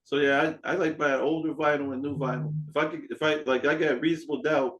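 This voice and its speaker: Animated, fast-storytelling man, slightly high voice. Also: low-quality recording. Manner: animated storyteller, acts out quoted dialogue, swears freely. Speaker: podcast host. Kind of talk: casual chat.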